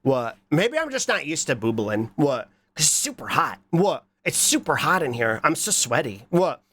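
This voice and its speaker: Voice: mid-range voice, sing-song, moderate pace, fairly bright tone. A streamer with a stuffed-up nose from a cold, chatting casually and rambling while reading chat. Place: hot room indoors.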